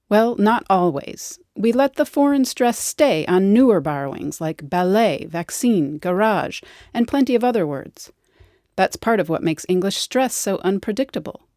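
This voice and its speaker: A woman reads a scripted educational narration with a wry, lightly playful touch. Her voice sits low and mellow. The studio recording is close and dry. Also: dry recording.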